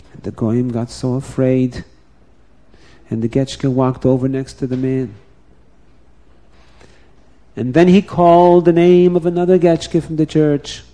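A man telling a folk tale aloud, animated and repeating phrases, now and then restarting words. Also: a little high. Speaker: storyteller.

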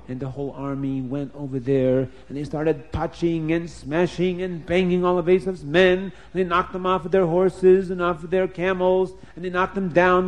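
A man telling a story to children in a lively, emphatic way, changing his voice often. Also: sits high.

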